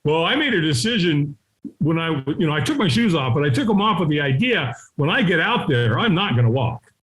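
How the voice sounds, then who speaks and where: A middle-aged man telling a story as a podcast guest. His talk is punchy and animated, he often ends sentences with "right?", and he acts out the people in his story with quick shifts of voice. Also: on the high side, poor audio. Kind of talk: storytelling in a conversational interview.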